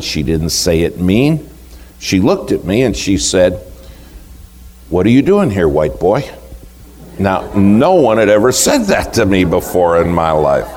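A male preacher delivers a storytelling sermon, talking to the congregation in a conversational way. His voice sits low but moves through a wide melodic range, pressing hard on key points. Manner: animated, conversational, emphatic.

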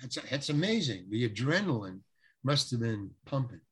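A man, an actor, telling an animated anecdote in an interview, repeating words and acting out the people he quotes. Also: medium pitch, moderate pace, slightly rough.

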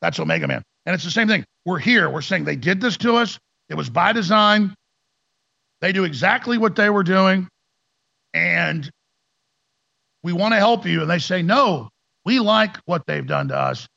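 A man's voice: high voice, expressive, moderate pace, creaky, long pauses, sharp tone, dry recording, lo-fi sound. A man hosting a talk radio show, ranting sarcastically and mimicking opponents in mocking voices.

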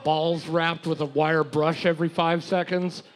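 A man's voice: fairly high pitch, little pitch movement, unhurried. A man co-hosting a bar trivia night, calling out team numbers and trading crude jokes. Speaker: trivia co-host reading answers and scores.

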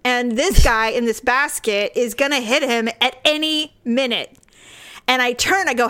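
A woman chatting casually, telling a self-deprecating story and acting out the quotes in a higher voice. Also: a little slow, pushed and bright, clear, resonant tone.

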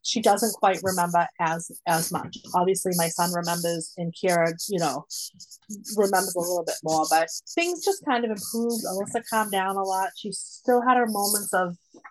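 A woman in her forties telling a long personal story in a casual, rambling way, full of fillers and lively quoted asides. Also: mid-range voice, normal speed, rough recording. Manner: rambling, many "like" fillers, animated when quoting. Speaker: mother of a nonverbal daughter, guest.

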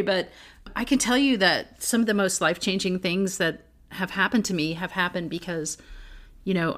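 Low-voiced woman sharing faith stories. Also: fairly bright tone. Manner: earnest, storytelling, laughs often. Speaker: podcast co-host. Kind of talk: casual faith chat.

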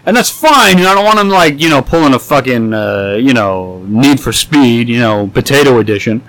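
A man casually telling a long, profane story to friends, rambling and animated, sounding intoxicated. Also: mid-range voice, normal speed, no echo, low-quality recording. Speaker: podcast host.

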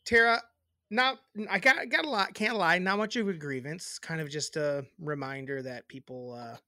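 A man's voice: fairly high pitch, moderate pace, bright, forceful tone, no room sound, clean studio sound. A man co-hosting a podcast, chatting casually with a teasing, profane sense of humor. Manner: joking, profane, teasing banter. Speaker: podcast co-host.

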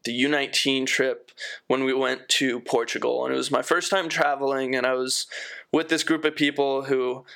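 Young man from the US, even monotone delivery, casual interview guest, relaxed recollection. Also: mid-range voice, moderate pace, creaky. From United States. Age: young adult. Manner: relaxed, repeats words while recalling. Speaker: volleyball player guest.

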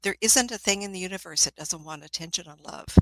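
A woman's voice: lowish voice, fast, a bit bright, dry recording, low-quality recording. An older woman, a spiritualist minister and ghost investigator, telling rambling anecdotes in a casual chat, often laughing and restarting her sentences.

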